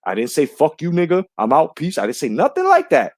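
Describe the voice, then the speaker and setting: A man's voice: a little high, wildly swooping pitch, brisk, a little mellow, no echo. A man telling a story in a heated, indignant and profane way, as a commentator on a boxing channel. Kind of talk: casual ranting monologue.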